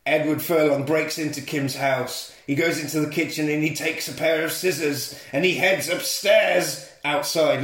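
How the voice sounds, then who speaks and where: A man's voice: fairly high pitch, fairly bright tone. A man co-hosting a podcast, recapping a film in a jokey way. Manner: jokey, acts out quoted characters in silly voices. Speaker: podcast co-host. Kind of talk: casual chat, recapping a film. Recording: roomy echo.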